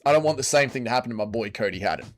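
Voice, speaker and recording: A man's voice: mid-range voice, animated, rapid-fire. A man with an Australian accent hosting a casual livestream, reading chat comments aloud and answering them in a blunt, crude, bantering way.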